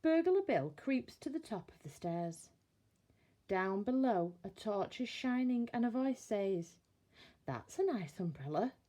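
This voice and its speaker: A woman reading a bedtime story aloud in a slow, expressive storytelling manner. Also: fairly high pitch.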